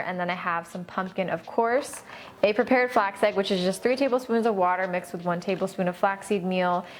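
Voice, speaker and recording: A woman hosting a cooking vlog, chatting upbeat and casual as she walks through a recipe in a home kitchen. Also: medium pitch. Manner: upbeat, chatty, says "super" and "so good" a lot.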